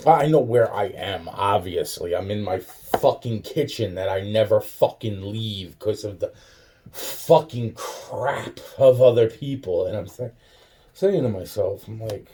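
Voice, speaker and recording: A man's voice: lowish voice, unhurried, warm tone, a little hiss or hum. A drunk, tired man rambling profanely into a camera in his kitchen, full of restarts and fillers. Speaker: vlogger. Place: home kitchen, indoors.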